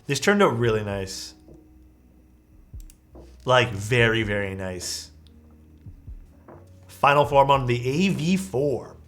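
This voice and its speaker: A man's voice: mid-range voice, a bit bright. A man casually commenting on viewers' keyboard photos during a live stream, easygoing and full of praise. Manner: enthusiastic, easygoing, lots of praise.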